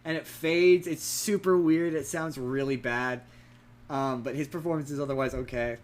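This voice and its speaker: A young man casually reviewing a movie on a podcast, rambling and animated, acting out quotes in silly voices. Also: medium pitch, normal speed. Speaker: podcast co-host.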